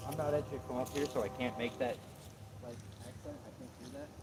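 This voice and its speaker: A man's voice: mid-range voice, sing-song, fast talker, creaky. A man from Florida hosting a casual livestream outdoors while fishing, chatting and tossing questions to his viewers. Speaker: livestream host. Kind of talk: casual live-stream chat with viewers. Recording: noisy outdoor livestream audio.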